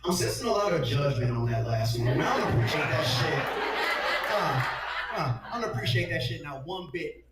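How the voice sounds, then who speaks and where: A man's voice: on the high side, expressive, brisk. A man doing a crude stand-up set, often laughing at his own jokes. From Detroit, USA. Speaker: stand-up comedian. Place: comedy venue with laughing audience. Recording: echoey room, heard from far off, audience noise.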